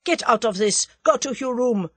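A woman's voice: fairly high pitch, animated, fairly quick, no room sound, voice pushed up. A woman reading aloud, voicing a harsh male German henchman who speaks sharply and curtly. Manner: sharp, curt.

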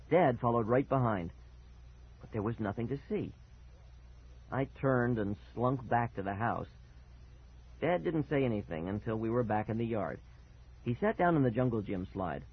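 A man reading a first-person story aloud with expressive, dramatic delivery and a husky voice. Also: mid-range voice. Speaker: audiobook narrator. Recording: tinny phone-like sound.

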